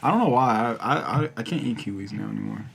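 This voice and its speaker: A man's voice: lowish voice, quick pace, gravelly, husky. A young man co-hosting a podcast in casual chat, swearing freely and laughing often as he tells stories. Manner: profane, laughs often, animated storytelling. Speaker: podcast co-host.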